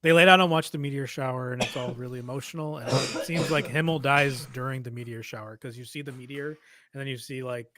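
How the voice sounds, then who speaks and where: A fast-talking man with a medium-pitched voice co-hosts a podcast, recapping episodes in a casual chat. He's animated and profane, laughing his way through the storytelling.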